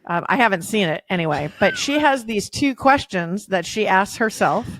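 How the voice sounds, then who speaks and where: A woman's voice: mid-range voice, expressive, normal speed, a bit bright. A woman hosting a podcast, leading a thoughtful casual discussion. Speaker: podcast host. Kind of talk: casual chat.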